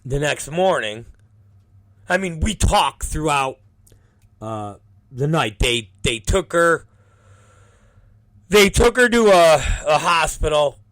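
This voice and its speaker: A male show host and wrestling promoter, telling a story casually in a profane, animated way. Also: a little high, takes it slowly, pauses often. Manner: animated, profane, acts out the people in his stories.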